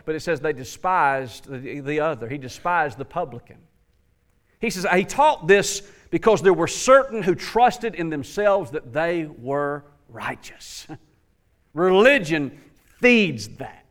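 A man's voice: sits high, fairly bright tone. A man preaching a sermon, impassioned and speaking directly to his congregation.

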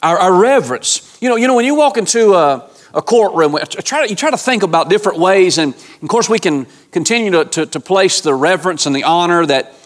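A pastor preaching to his congregation, his man's voice sitting notably high. He talks in a plain, colloquial way, addressing the listeners directly. His earnest delivery keeps doubling back on words and restarting phrases as he presses each point. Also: lively intonation, a little fast. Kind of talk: sermon.

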